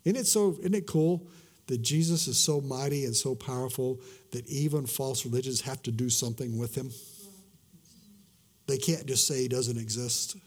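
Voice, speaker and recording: A middle-aged man preaching a sermon as a pastor, repeating himself, dropping to a hush and slowing on key words. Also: medium pitch. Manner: swings from loud emphasis to hushed, drawn-out words; repeats words and restarts mid-sentence.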